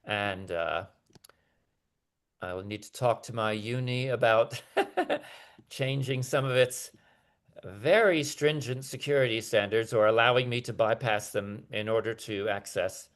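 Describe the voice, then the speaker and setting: A man's voice: medium pitch, measured pace, fairly bright tone. Hesitant male lecturer on a video call. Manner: hesitant, many fillers and restarts.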